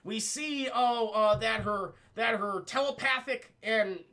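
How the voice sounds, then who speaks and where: A man's voice: high voice, takes it slowly, sharp tone. A man streaming a profane, laughing film recap and talking to his chat.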